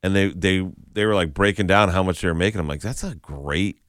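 A man with a low, smooth and resonant voice, co-hosting a morning radio show. He tells stories in easy banter and acts out the lines of the people in them. The sound is dry and close. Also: fairly even intonation, fast talker, fairly bright tone, no echo. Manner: storytelling, chatty, acts out quoted lines.

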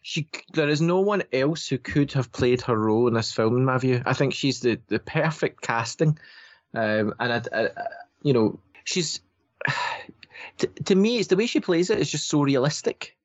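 A man's voice: medium pitch, expressive, moderate pace, no room sound. Man, opinionated podcast co-host, slightly dull dry recording. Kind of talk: casual film chat.

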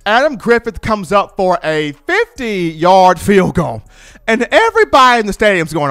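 A man giving sports talk commentary, an animated storyteller who acts out the fans he describes. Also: very high-pitched, a little slow, smooth. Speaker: football commentator.

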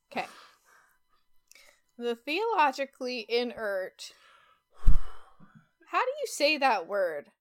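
Woman co-host, amused and unhurried, slightly high voice with a lot of melody. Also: huge pitch swings, fairly bright tone. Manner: amused, laughs often. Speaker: podcast co-host. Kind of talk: casual chat, reading tweets aloud.

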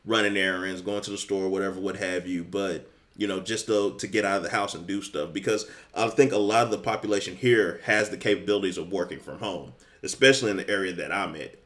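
Easygoing young man with a low voice. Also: fairly quick, fairly bright tone. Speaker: podcast co-host. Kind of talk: casual chat.

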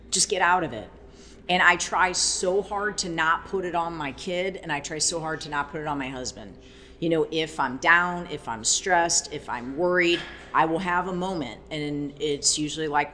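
A woman with a somewhat low voice talks through faith and wellness in a loose, chatty way. She rambles with plenty of fillers and jumps into animated quoted voices. She speaks as a fitness trainer. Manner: animated, acts out quoted speech. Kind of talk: casual faith-based podcast talk.

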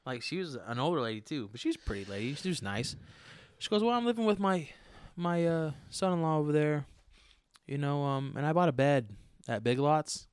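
A man telling stories in casual podcast chat, profane and animated, acting out what people said. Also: fairly high pitch, a little fast, clear, resonant tone, no echo. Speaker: podcast co-host.

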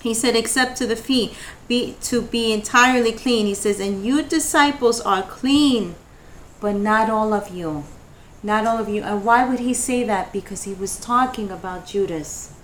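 A woman's voice: fairly high pitch, moderate pace, fairly bright tone, slight background noise. A woman leading a devotional Bible study, reading verses and rising into fervent prayer.

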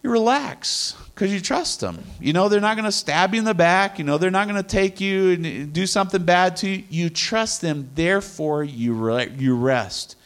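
A man's voice: high-pitched, animated, normal speed, hardly any pauses, a bit bright. A middle-aged man teaching from the Bible in an earnest, conversational way, repeating his key phrases. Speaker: preacher.

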